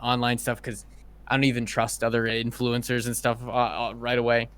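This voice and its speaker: A young man in his twenties, a podcast guest, talking in a relaxed, low-key way with lots of fillers. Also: normal speed, clean tone. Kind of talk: casual podcast chat.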